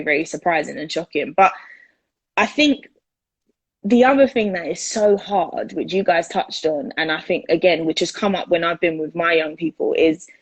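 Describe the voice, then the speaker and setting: A peer educator speaks in a husky, slightly low voice. She talks earnestly and with animation in a casual discussion. The sound is dry and close. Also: no echo. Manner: earnest, animated, repeats words for emphasis.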